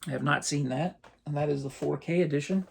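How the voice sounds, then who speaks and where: Man, 50s, gravelly, a bit husky, casual movie haul chat, rambling. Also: fairly high pitch, brisk. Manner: relaxed, rambling, chuckles often. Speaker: movie channel host.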